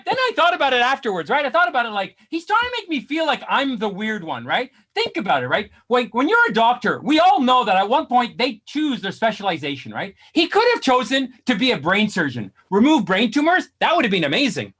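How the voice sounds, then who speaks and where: A man doing a stand-up set over a video call, ranting in exasperation and rising to outraged shouts. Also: extremely high pitch, wildly swooping pitch, fairly quick, hardly any pauses. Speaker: stand-up comedian.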